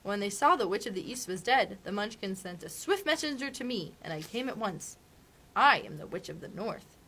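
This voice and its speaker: A sweet little old woman who is a good witch, calm and measured in a storybook reading, as a woman puts her on. Her lines rise and fall with a gentle lilt. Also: medium pitch, a little hiss or hum.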